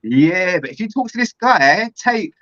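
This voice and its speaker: A middle-aged man talks earnestly in a casual chat, heartfelt and full of slang. His voice is bright and fairly high, and the sound is dry and a bit dull, as if the audio were lo-fi. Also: sing-song, measured pace, dry recording.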